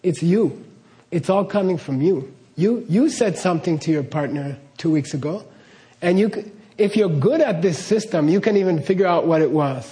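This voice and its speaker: A man's voice: sits high, lively intonation, normal speed, warm tone. A middle-aged man giving a casual spoken teaching talk, chatty, often laughing and checking in with "okay?". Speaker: teacher of karma ideas.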